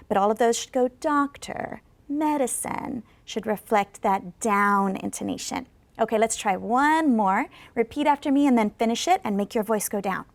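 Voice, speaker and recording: A woman teaching an English-as-a-second-language lesson on television, speaking patiently and encouragingly and modeling example sentences slowly for learners to repeat. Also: fairly high pitch, dry recording. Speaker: ESL teacher.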